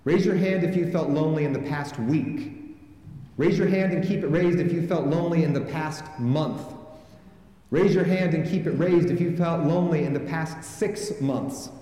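A man's voice: a little high, warm tone. A man preaching a sermon as a pastor and calling on the congregation to take part, recorded in a large church sanctuary. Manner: calls on the congregation to respond. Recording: echoey hall with long reverb.

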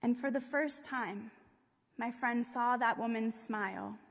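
A woman preaches a sermon in a high voice, moving slowly and gently through a story. Now and then she drops almost to a hush. Her voice carries the long reverb of a large hall. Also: gravelly. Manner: slow, gentle storytelling with hushed passages.

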